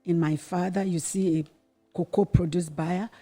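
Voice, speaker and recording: A woman's voice: lowish voice, steady tone, normal speed, dark tone, soft background music. A middle-aged woman from Nigeria telling her family's story to her daughter in an earnest way, acting out what was said back then. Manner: earnest, quotes her own past words with rising intensity. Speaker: interview guest, the host's mother. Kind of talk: candid personal storytelling.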